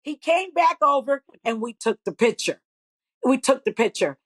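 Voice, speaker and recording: A middle-aged woman and comedian, swearing freely as she tells animated stories as a guest in a podcast interview. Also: high-pitched, moderate pace.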